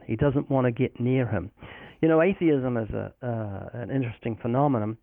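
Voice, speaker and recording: A man's voice: medium pitch, no room sound. Guy preaching earnestly on a tinny phone line, dry sound, acts out little back-and-forths. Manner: earnest preaching delivery, quoting scripture and acting out dialogues. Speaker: evangelist guest. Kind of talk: recorded phone interview about faith.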